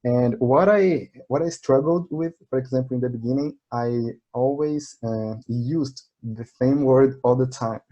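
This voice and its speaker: A man from Brazil speaks English with a Brazilian accent in a mellow, warm-toned voice. He chats in a friendly, easygoing way, laughing often and restarting sentences as he searches for words. He is talking over an online video call. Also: mid-range voice, measured pace, lo-fi sound. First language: Portuguese. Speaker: channel host, English learner. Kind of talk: casual conversation.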